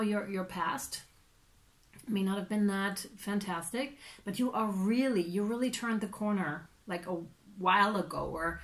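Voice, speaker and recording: Chatty woman giving a tarot reading. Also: mid-range voice. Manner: chatty, animated, lots of fillers and acted-out reactions. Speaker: tarot reader.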